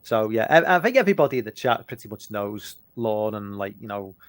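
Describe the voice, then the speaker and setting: A man's voice: fairly low pitch, lively intonation, a little fast, no room sound. A man co-hosting a casual movie chat stream, rambling and swearing freely with lots of restarts. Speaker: podcast co-host.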